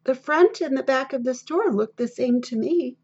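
A woman reading the part of a small, earnest young boy with a soft little voice, on a dull lo-fi recording. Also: high-pitched, normal speed, slightly rough. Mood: puzzled.

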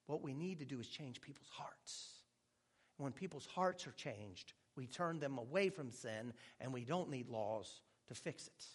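A male pastor preaching a sermon with animated delivery and joking asides, at times dropping to a hushed tone. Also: mid-range voice, unhurried.

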